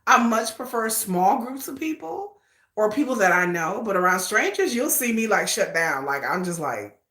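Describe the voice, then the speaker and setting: A woman's voice: medium pitch, very animated, moderate pace, fairly bright tone, roomy sound. A woman hosting a casual livestream, gushing and laughing as she acts out quotes. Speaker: livestream host.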